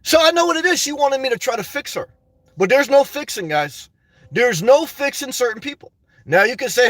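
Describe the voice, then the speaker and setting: A male YouTuber vents and tells stories to his viewers in a loose, rambling monologue, often calling them "guys" and laughing along the way. His voice is extremely high and sing-song, delivered at a normal speed with a slightly bright tone. The recording has no echo.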